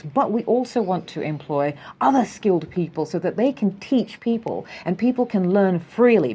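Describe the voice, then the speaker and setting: An Australian woman hosting a casual news show, reading headlines aloud and adding sardonic, animated commentary. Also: deep voice. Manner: sardonic, animated, reads headlines then riffs.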